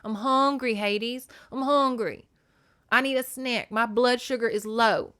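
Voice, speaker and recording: A woman's voice: a little high, steady tone, a little slow, a bit bright. A woman voicing a blunt young goddess who insists, whining, that she is hungry. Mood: insistent. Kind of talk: retelling a novel.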